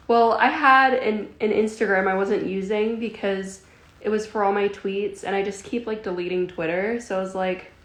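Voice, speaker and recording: A woman's voice: medium pitch, fairly even intonation, moderate pace. A woman in her early twenties chatting casually on a phone livestream from home, giggly and greeting viewers by name. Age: early 20s. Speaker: livestream host. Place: at home with a kitten.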